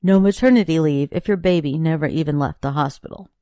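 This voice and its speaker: A woman's voice: low voice, expressive, a little fast, few pauses, dark tone, dry recording. Woman reading an audiobook, dry and close. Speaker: audiobook narrator.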